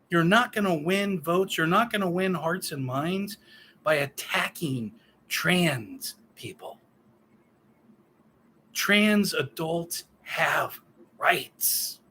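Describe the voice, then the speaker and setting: A man in his fifties delivers a solo political rant. He swears freely and turns sarcastic and heated, with a fairly high voice that cuts through with a hard, forceful edge. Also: expressive, slow, husky. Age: 50s. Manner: profane, sarcastic, heated ranting. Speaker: political commentator.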